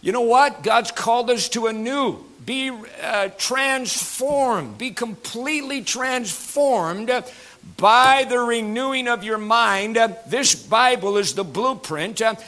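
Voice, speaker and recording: A man pastor preaching a sermon in a folksy, joking way with many fillers, going from quiet asides to loud emphatic passages. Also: very high voice, slow.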